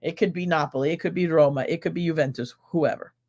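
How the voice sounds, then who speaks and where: A middle-aged American woman with a low, darkish voice and an American accent talks fast while hosting a live stream. She chats exuberantly, rambling through questions and stories.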